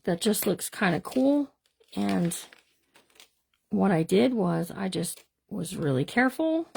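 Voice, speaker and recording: A woman's voice: mid-range voice, big pitch swings, takes it slowly, vocal fry, a little mellow, breathy edge. A middle-aged woman hosting a live crafting demonstration from her home craft room, chatting with viewers as she works. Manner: chatty, talks to viewers as "you guys"; bubbly, playful made-up words. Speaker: craft livestream host.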